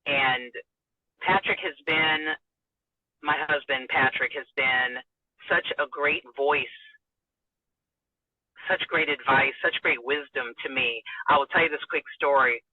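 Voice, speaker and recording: A woman broadcaster with a husky, slightly breathy voice tells a personal story in a sit-down interview, emotional and animated. Her voice comes through a narrow, phone-like band in a very dry recording with no room sound. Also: rumbling low, takes it slowly, pauses often, dry recording. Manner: animated, acts out quoted dialogue; warm and emotional, laughs often. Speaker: radio and TV broadcaster, interview guest.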